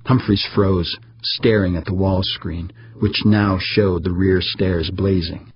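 A man reading an audiobook in steady, measured scripted narration. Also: sits low, lo-fi sound, crowd noise.

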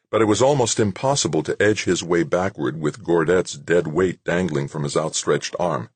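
A man reading an audiobook as narrator in a steady, measured way. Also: low-pitched, breathy edge, dry recording. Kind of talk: scripted narration.

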